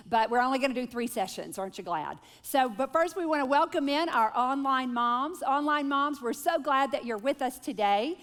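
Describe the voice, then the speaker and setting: A woman in her forties speaking to a moms' group, telling stories in an animated, self-deprecating way and leading a prayer. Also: on the high side. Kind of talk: live talk with prayer and storytelling. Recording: long hall reverb.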